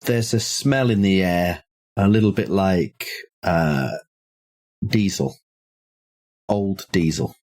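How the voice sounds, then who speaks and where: A man running a tabletop horror game as game master, narrating in a measured, descriptive way with small hesitations. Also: low-pitched, darkish tone.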